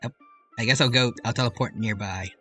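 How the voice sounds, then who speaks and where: A man's voice: mid-range voice, a little fast, pushed and bright. A man streaming a video game live, chatting in a casual, rambling and joking way. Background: game music.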